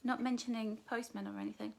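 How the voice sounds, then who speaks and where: A woman's voice: on the high side, fairly even intonation, fast talker, gravelly. A middle-aged woman with a Northern English accent, chatting casually to viewers on a home livestream, calling them darling and love, with giggly self-deprecating humour. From England. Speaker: author hosting a live book launch. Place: home living room. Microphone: phone or webcam facing her.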